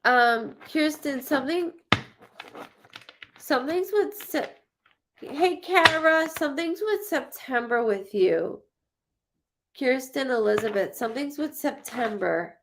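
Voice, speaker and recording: Woman, psychic medium, live stream chat, gravelly, blunt, repeats herself, faint background noise. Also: high-pitched, lively intonation, takes it slowly, pauses often. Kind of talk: casual live-stream chat reading viewer comments.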